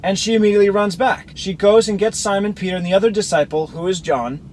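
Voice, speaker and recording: Male Bible teacher, higher voice, reads verses and then breaks them down; faint background noise. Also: fairly even intonation, fast, darkish tone, poor audio. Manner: explanatory, reads verses then compares accounts. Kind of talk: scripture reading with commentary.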